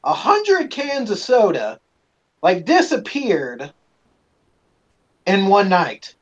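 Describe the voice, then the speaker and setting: A man's voice: high-pitched, huge pitch swings, takes it slowly. A man hosting a live stream, casually telling a rambling, profane story with plenty of swearing, on a dull lo-fi recording.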